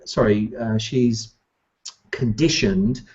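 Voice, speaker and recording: A man's voice: fairly low pitch, slow, darkish tone, muffled recording. A man giving a motivational training talk to recruitment business owners, emphatic and repeating his key points.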